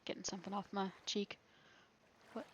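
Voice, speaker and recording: A woman's voice: mid-range voice, level tone, normal speed, a bit bright, slight background noise. A woman playing a survival game and thinking aloud, chatty and rambling, laughing often. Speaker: gaming video creator. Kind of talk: thinking aloud during gameplay.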